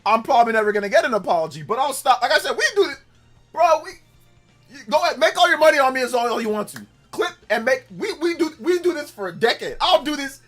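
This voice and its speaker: A man's voice: very high-pitched, expressive, quick pace, fairly bright tone, faint music behind. A man hosting a casual gaming livestream, rambling in repeated phrases and defiant at times. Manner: repetitive, heated, defiant rambling. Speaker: livestream host.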